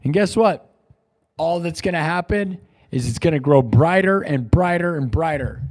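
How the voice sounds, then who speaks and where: Male live streamer, slightly high voice, boastful repetitive pep talk, loud hype then quiet musing. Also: moderate pace. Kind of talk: livestream sign-off pep talk.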